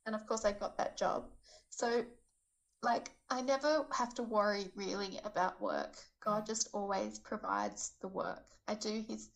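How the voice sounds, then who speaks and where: A woman telling a story in a chatty, casual way, lively when she quotes other people's words. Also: mid-range voice, unhurried, rough recording. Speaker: charity event organizer.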